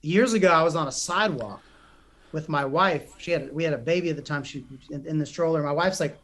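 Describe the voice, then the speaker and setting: Brisk and a little high-voiced, this young psychotherapist and coach shares stories during a podcast interview. His energy is earnest and animated, and he frequently restarts what he's saying.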